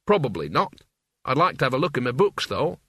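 A man's voice: mid-range voice, big pitch swings, a little fast, fairly bright tone, slightly rough, dry recording, studio quality, exaggerated voice. A man voicing a kindly, absent-minded young male wizard with a mild way of talking. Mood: musing.

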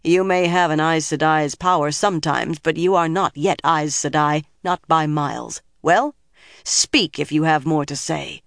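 A woman's voice: deep voice, unhurried, vocal fry, no echo. A narrator voicing a stern, commanding older woman leader with a hard, dry manner, in a dry studio audiobook reading. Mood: threatening.

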